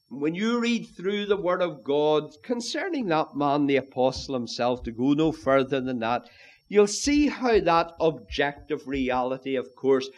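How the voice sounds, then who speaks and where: A man preaching a sermon, emphatic and deliberate, swinging from loud rising appeals to quiet, dropped phrases. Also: on the high side.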